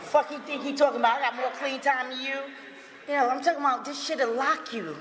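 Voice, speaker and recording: A woman giving a personal recovery testimony, emphatic and profane, breaking into loud outbursts and laughter. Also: high-pitched, brisk, crowd noise. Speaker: recovery speaker. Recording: echoey hall with long reverb.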